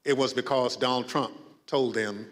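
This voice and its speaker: A man's voice: mid-range voice, steady tone, a bit bright, in a large hall. Formal man chairing a hearing. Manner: measured, formal. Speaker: committee chairman.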